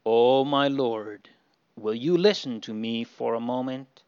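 A humble, pleading grown brother, as a man telling a story puts him on, speaking softly and slowly. The voice is smooth and the recording is muffled and lo-fi. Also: medium pitch. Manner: soft, pleading.

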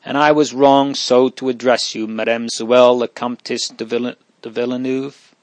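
Man playing impetuous teenage boy, warm, quick-tempered, medium pitch, dry sound. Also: flat delivery, dry recording, lightly acted. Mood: grave.

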